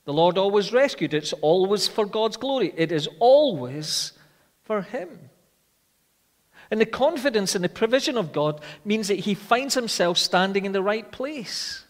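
A man preaches a sermon in a voice pitched a little high. He hammers rhetorical questions loudly, then drops to quiet intensity. His voice rings out with a long reverb in a large church hall. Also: lively intonation, a little slow.

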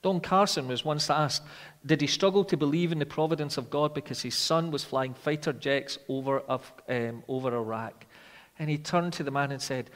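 Preacher in a reverberant hall. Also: male voice, on the high side, moderate pace. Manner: dramatic, swings from loud rhetorical questions to quiet intensity. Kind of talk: sermon.

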